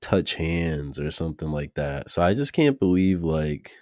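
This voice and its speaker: Man, low voice, swinging pitch, casual slangy reaction talk, dry sound. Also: unhurried, dry recording. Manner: animated, slangy, profane, addresses chat. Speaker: streamer reacting to a video.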